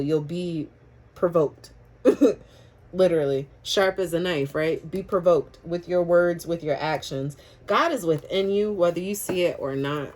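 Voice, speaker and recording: A woman's voice: on the low side, darkish tone. Woman, tarot reader, casual chat to camera, spiritual talk, laughs a lot, swears freely.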